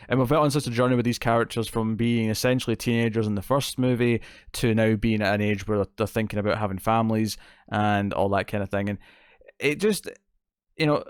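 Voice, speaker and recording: A man's voice: on the low side, clear, resonant tone, no echo, clean studio sound. A man hosting a casual spoken movie review show, enthusiastic and rambling, with many fillers and restarts. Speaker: film reviewer, show host.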